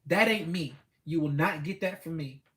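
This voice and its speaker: A man's voice: fairly high pitch, normal speed, fairly bright tone. A man giving a blunt, preachy motivational talk with speech, repeating himself for emphasis. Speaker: host.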